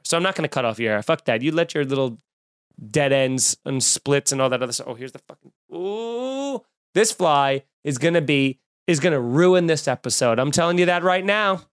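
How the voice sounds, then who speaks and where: A man hosting a podcast, going on an animated, exasperated comedic rant full of cursing. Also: on the high side, dry recording, clean studio sound. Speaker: podcast host. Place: room at home with windows open.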